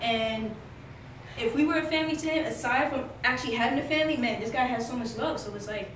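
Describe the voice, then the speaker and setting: A woman's voice: fairly high pitch, fast talker. Laughing woman telling stories from far off. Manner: laughing, candid, profane storytelling. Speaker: eulogy speaker. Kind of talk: casual spoken tribute. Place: memorial gathering room. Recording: roomy hall from far off, noisy.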